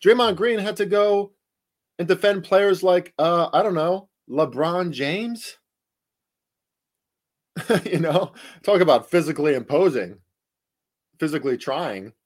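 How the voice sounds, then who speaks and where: A man's voice: sits high, unhurried, long pauses. A man with a New Jersey accent hosting a solo sports betting podcast, talking emphatically with rhetorical questions and fillers.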